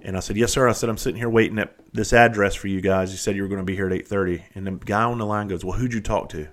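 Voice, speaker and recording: A man's voice: on the low side, fairly even intonation, racing. A man telling a long story about a farm mishap in a blunt, profane, heated way, acting out both sides of his phone calls. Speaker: vlogger. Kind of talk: casual ranting story.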